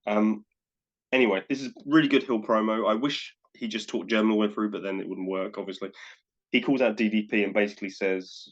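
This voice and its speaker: A man's voice: fairly low pitch, steady tone, fairly quick, highs cut off. A man co-hosting a podcast, casually recapping wrestling matches and often repeating words as he goes. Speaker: podcast co-host. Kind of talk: casual wrestling review chat.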